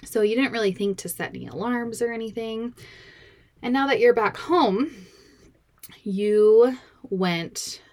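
A woman hosts her podcast in an easy, chatty way, bubbly and quick to laugh. She speaks slowly and unhurriedly. A slight breathlessness runs under her words. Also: on the high side, animated, a little mellow. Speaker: podcast host. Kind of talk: casual podcast talk.

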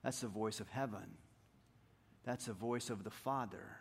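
A man preaching a sermon, telling stories in an animated, self-deprecating way and swinging between hushed and loud delivery. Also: lowish voice, a little slow, slightly rough. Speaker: pastor. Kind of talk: sermon with storytelling.

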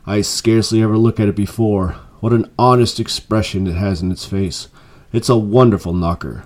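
A man voicing an elderly male miser who is newly joyful, excited and warmly insistent. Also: fairly low pitch, normal speed, close to an everyday voice. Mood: delighted.

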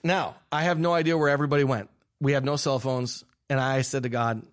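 A young man, a filmmaker guest, telling an animated story with laughs and quick restarts. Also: mid-range voice. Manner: excitable, laughing, restarts mid-sentence.

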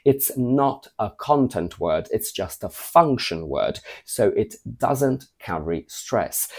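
A man's voice: fairly low pitch, darkish tone. A man teaching English pronunciation in a video lesson, spelling words out letter by letter and carefully modeling phrases.

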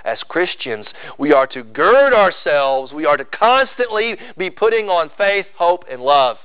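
Emphatic preaching man, high voice. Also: big pitch swings, a little slow, smooth, no echo, muffled recording. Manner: emphatic preaching, repeating phrases for stress. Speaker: pastor. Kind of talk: sermon.

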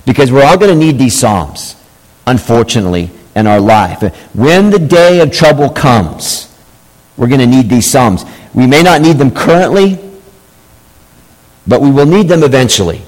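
A man's voice: mid-range voice, animated, normal speed, darkish tone. A man, a pastor, preaching a sermon and repeating key phrases for emphasis, sometimes with mock-sweet sarcasm. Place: church sanctuary. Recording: long reverb, large hall.

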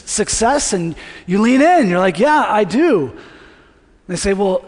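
A male pastor preaching a sermon in a conversational way, asking the congregation to repeat words after him. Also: sits high. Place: church sanctuary. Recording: long reverb of a large hall.

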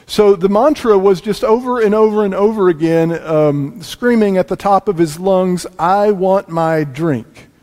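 A man preaching a sermon as pastor, telling a family story with lively shifts between loud lines and quiet asides. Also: high-pitched, normal speed, hardly any pauses. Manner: animated, swings from loud to hushed asides. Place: church sanctuary. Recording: long reverb in a large room.

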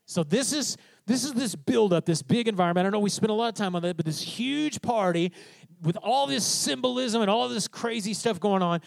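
High-voiced animated preacher, man. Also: creaky, dry recording. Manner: animated storytelling preacher, acts out quotes, asks "tracking?". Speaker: pastor. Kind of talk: sermon.

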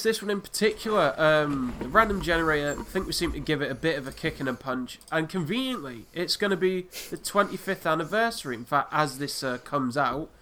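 A man's voice: fairly high pitch, a bit bright, slight background noise. Chatty podcast host, man. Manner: chatty, lots of fillers like "there". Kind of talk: casual podcast chat.

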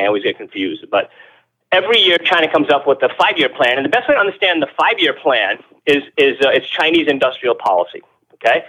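Male interview guest, rapid and insistent, rhetorical, slightly high voice, radio-show audio. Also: bright, forceful tone, poor audio. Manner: fast, emphatic, repeats words, rhetorical questions. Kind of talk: animated opinionated explanation.

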